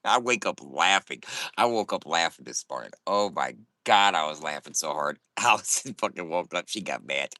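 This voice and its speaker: A man's voice: low voice, lively intonation, normal speed, pushed and bright, no room sound, clean studio sound. A man talking casually to camera in a morning vlog, boisterous and profane and laughing often. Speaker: vlogger.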